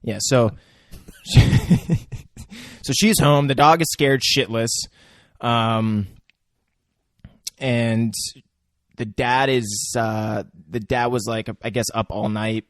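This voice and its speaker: A man's voice: mid-range voice, steady tone, slow pace, long pauses, no room sound, clean studio sound. Laid-back man swearing through a movie chat. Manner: laid-back, swears freely, laughs often. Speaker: podcast co-host. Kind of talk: casual movie recap chat.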